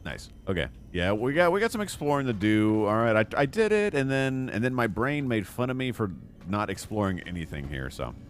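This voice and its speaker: A man's voice: fairly low pitch, sing-song, fairly quick, few pauses, slight background noise. A man streaming a video game, joking and rambling through casual commentary and laughing at himself.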